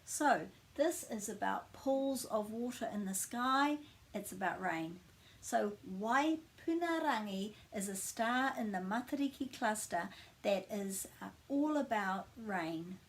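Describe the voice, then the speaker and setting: A woman giving a pronunciation lesson, modelling each sound slowly and repeating it. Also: mid-range voice, lively intonation. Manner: slow, drawn-out modelling of sounds with repetition. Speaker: language teacher.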